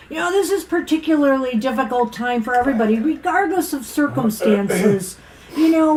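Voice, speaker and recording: A woman co-hosting a live tarot stream, chatting casually and giving rambling, gently encouraging card readings. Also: high voice, slight background noise, low-quality recording. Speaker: co-host and tarot reader.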